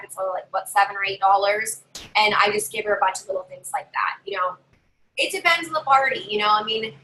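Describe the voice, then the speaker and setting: A woman's voice: fairly high pitch, pushed and bright, a little hiss or hum, poor audio. A woman giving casual how-to tips to camera as a party sales consultant, chatty and bossy, talking from her desk at home. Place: home desk with a drawer and her dog nearby.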